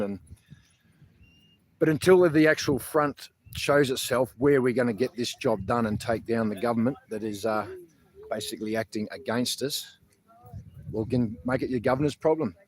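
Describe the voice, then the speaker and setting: A man's voice: mid-range voice, a little hiss or hum. An Australian man hosting a casual outdoor livestream, talking in an earnest, rambling way with many fillers and restarts. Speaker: protest livestream host. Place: outdoors in a public garden.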